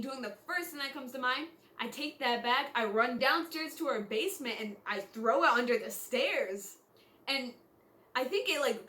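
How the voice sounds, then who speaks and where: A young woman with a high, bright voice tells a story to her viewers in a loose, chatty ramble. She leans on fillers and jumps into animated put-on voices when quoting people. A faint hum of background noise sits under her. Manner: chatty, filler-heavy, acts out quotes in lively voices. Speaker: vlogger. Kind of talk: casual storytime monologue.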